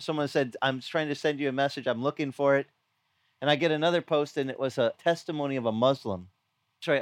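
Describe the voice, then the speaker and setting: A man's voice: mid-range voice, no echo, studio quality. A middle-aged man preaching a sermon in a conversational, storytelling way, acting out quoted lines. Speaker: pastor. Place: outdoor beach gathering.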